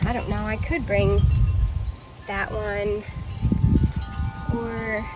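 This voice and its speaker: A woman's voice: medium pitch, little pitch movement, very slow, loud music behind the voice, low-quality recording. A woman chatting enthusiastically as she vlogs about her plants and porch decorations outdoors, talking straight to her viewers. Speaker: home and garden vlogger. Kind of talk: casual vlog narration. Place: outdoors on a home deck and porch.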